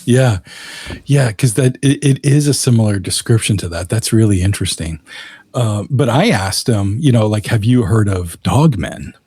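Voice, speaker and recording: A man's voice: on the low side, expressive, moderate pace, mellow, husky. A man who is a guest author, telling a story in a casual, vivid way and using fillers like "you know".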